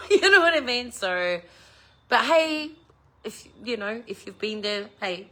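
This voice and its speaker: A woman's voice: a little high, very animated, takes it slowly, sharp tone. A middle-aged woman, chatting casually to her viewers, laughing often and swearing freely as she jokes about herself. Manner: giggly, swears freely, self-mocking. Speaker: vlogger. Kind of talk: casual chat.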